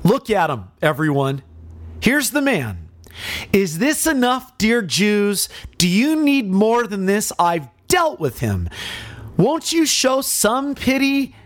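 A preacher playing a pleading Roman governor. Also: male voice, high-pitched, sing-song, slow, dry recording, voice pushed up, heavily acted. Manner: pleading, insistent.

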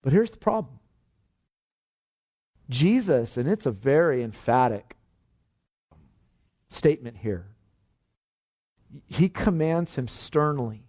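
A man's voice: mid-range voice, expressive, slow pace, long pauses, a little mellow. A male pastor preaching a sermon in an earnest, emphatic way, often restarting his phrases, on a dull, lo-fi recording. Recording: dull lo-fi sound.

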